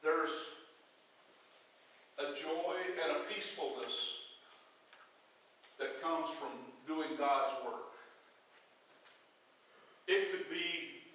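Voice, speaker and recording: A man's voice: a little high, drawn-out words, pauses often, sharp tone, slight background noise. A man preaching a sermon as pastor, telling folksy stories with a joke's timing. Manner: folksy storytelling with joke delivery. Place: church sanctuary. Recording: echoey church hall from far off.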